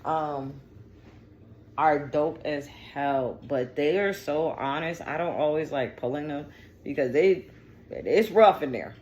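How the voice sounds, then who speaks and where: A woman's voice: low voice, slow pace, a little mellow, lo-fi sound, slight background noise. A woman giving a casual tarot reading, chatty and digressive, with slang and profanity. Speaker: tarot reader.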